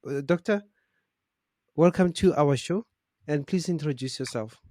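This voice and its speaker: A South African man hosting a talk show, introducing the topic and guest in a relaxed, playful way. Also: fairly high pitch, measured pace, no echo, clean studio sound. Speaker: show host.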